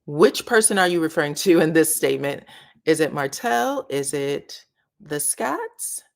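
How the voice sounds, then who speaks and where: A woman's voice: deep voice, lively intonation, a little slow, vocal fry. A woman hosting a casual reality-show commentary, chatting and reading viewer comments aloud. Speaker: commentary channel host.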